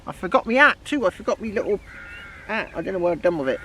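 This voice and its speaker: A man's voice: high-pitched, expressive, fast talker, bright, forceful tone, a little hiss or hum. A man with a West Country accent talking casually outdoors as a metal detecting vlogger, rambling with many restarts. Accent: West Country English. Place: outdoors in a field, then a pub.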